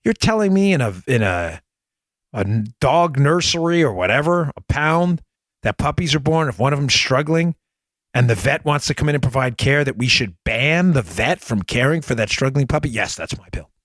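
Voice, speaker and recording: A man's voice: mid-range voice, expressive, moderate pace, a bit bright, no echo. A man hosting a podcast, delivering emphatic, impassioned political commentary. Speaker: podcast host.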